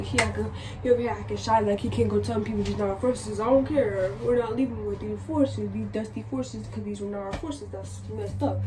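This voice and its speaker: A woman vlogger telling a casual storytime in an animated, exasperated way, repeating herself for emphasis. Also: medium pitch. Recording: distant mic with noisy background.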